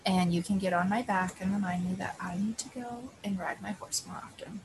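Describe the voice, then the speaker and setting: A woman's voice: mid-range voice, brisk, noisy background. A woman co-hosting a podcast in casual chat, sharing easygoing, self-mocking stories and laughing along the way. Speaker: podcast co-host.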